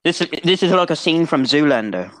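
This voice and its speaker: A man playing in a tabletop role-play, making wry, quick asides. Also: on the high side, very animated, a little hiss or hum, low-quality recording.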